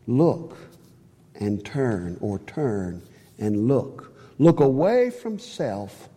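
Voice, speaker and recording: A man preaching a sermon in a church, earnest, swinging from high emphatic phrases to low quiet ones. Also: very animated, drawn-out words, big-room sound. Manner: earnest, rises high on key phrases and drops low on others.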